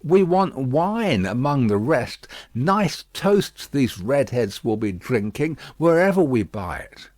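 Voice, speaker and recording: A fussy, loyal Englishwoman servant, bustling and emphatic, her voice pitched high and swinging up and down, as a man reads her in an audiobook. The sound is close and dry. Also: very animated, takes it slowly, few pauses, darkish tone, no room sound.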